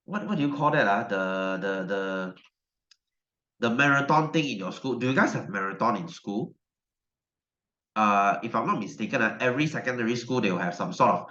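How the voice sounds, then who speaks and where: A man's voice: fairly low pitch, bright, forceful tone. A male science teacher, giving a chatty online class lecture and repeating his questions to the class. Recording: dull, roomy echo.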